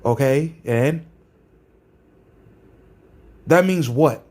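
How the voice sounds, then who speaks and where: A vlogger delivers a ranting commentary, sarcastic and combative, often repeating his phrases for emphasis. His voice is medium-pitched with a darkish tone, and he speaks very slowly.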